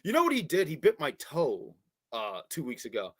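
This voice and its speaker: Animated man chatting on a wrestling review show. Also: a little high, normal speed, breathy edge, dry recording. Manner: animated, repeats words, baby-talks to his cat. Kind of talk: casual review chat.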